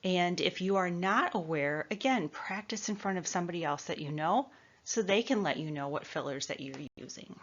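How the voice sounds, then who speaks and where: A woman from the Midwest teaches presentation skills in a clear, measured coaching voice. Her voice sits a little low for a woman. The recording is somewhat dull and lo-fi. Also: animated. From American Midwest. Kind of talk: instructional talk.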